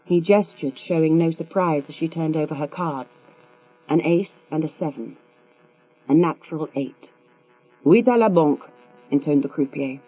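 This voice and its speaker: A woman narrating a thriller audiobook in a measured, composed read. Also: low voice, steady tone, slightly rough, soft background music. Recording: tinny, phone-like with mains hum.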